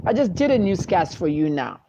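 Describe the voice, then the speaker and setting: A woman with a US East Coast accent delivers pointed, declamatory commentary to her viewers, her voice pitched low. She talks with sweeping, forceful conviction. The sound is dull and lo-fi. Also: sing-song, fairly quick, slight background noise. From Nigeria. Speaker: journalist and commentator. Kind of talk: opinionated talk to viewers.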